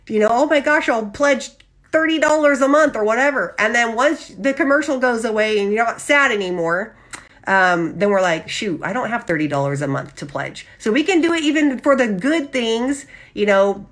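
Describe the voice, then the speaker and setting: A woman hosting a live Christian devotional, talking animatedly and checking in with her listeners. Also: mid-range voice. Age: adult with husband and child. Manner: animated, often checks in with "okay?"; acts out lively quoted voices. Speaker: Christian women's devotional host.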